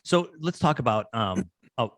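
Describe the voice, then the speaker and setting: A man hosting a casual podcast interview, chatting with animated, storytelling energy. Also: medium pitch, normal speed, no room sound. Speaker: podcast host.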